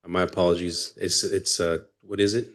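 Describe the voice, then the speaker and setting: A man's voice: deep voice, flat delivery, moderate pace, fairly bright tone. A man chairing a council meeting, calling up speakers and hesitating over names. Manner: hesitant, reading names aloud. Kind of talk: chairing public comment. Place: city council chamber.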